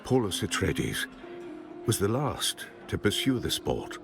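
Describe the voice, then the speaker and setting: An actor playing a stern male bar host in a video game, speaking slowly and gravelly with dry menace. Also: fairly low pitch, sing-song, exaggerated voice. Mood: storytelling. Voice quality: gravelly, slow and measured. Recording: game audio under music.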